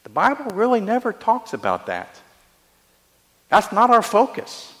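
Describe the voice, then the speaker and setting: Earnest preacher, reverb-heavy hall. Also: male voice, high-pitched, wildly swooping pitch, measured pace, fairly bright tone. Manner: earnest storytelling preacher, rhetorical questions. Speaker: pastor. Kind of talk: sermon.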